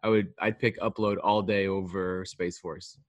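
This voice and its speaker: A man's voice: low voice, little pitch movement, normal speed, dry recording. A man co-hosting a podcast, chatting casually and rambling through his opinions with fillers. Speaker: podcast co-host. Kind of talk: casual chat.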